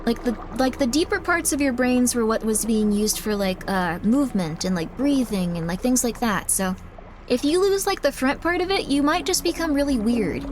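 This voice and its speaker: A woman's voice: on the high side, lively intonation, normal speed, background noise. A woman streamer in casual chat, rambling with many "like" fillers as she reads and thanks her viewers. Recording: music playing behind.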